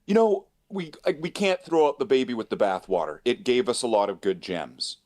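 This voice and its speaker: A man's voice: medium pitch, lively intonation, fairly quick, darkish tone. A man co-hosting a casual chat, rambling and laughing often. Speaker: co-host.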